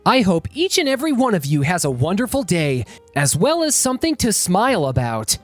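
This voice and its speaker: Animated host with sing-song delivery. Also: mid-range voice, a little fast, soft background music. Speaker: host narrating reddit stories. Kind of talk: scripted story channel sign-off.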